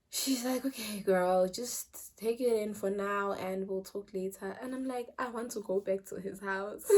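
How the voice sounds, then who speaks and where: A young woman with a South African accent telling a personal story in casual vlog chat, switching between loud bursts and quiet trailing phrases. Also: mid-range voice. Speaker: vlogger.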